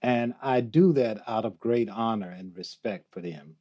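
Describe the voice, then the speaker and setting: An older man as a guest in an interview, talking slowly and reflectively, reciting poetry and laughing often. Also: lowish voice, mellow, muffled recording. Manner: slow, musing, quotes poetry, laughs often. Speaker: guest, theologian.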